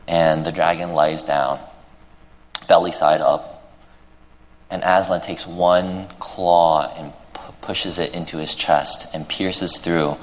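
A man with a deep, low voice preaches a sermon, retelling a story in an earnest, halting way full of fillers and restarts. His voice carries a long reverb through a large hall.

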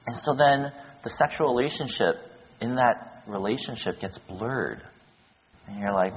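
A man preaching a sermon, telling stories with lively acted-out quotes. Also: medium pitch, a little slow, slightly rough. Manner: animated storytelling with acted-out quotes. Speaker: pastor. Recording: dull echoey hall, lo-fi.

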